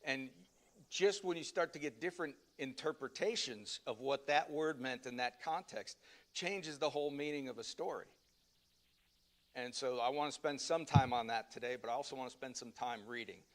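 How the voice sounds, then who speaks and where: A man leads a Sunday Bible class in a church classroom, talking loosely and conversationally. He trails off, restarts and fills gaps as he explains. His voice sits at an ordinary middle pitch. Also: moderate pace. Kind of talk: casual Sunday class teaching.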